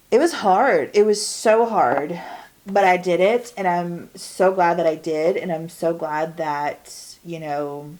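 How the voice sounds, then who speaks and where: This woman in her forties, a beauty vlogger, chats through a get-ready-with-me while putting on makeup at home. Her medium-pitched voice is a little mellow, and her candid, rambling talk drawls and trails off.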